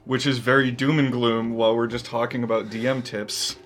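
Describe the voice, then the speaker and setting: A man's voice: medium pitch, level tone, fairly quick, fairly bright tone. A man co-hosting a casual chat, emphatic and swearing for stress, with small chuckles. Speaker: co-host.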